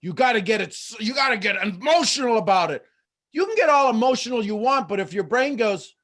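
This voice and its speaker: A man with a high-pitched voice coaches a live call. He is animated and acts out inner voices as he talks. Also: brisk. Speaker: host and motivational coach.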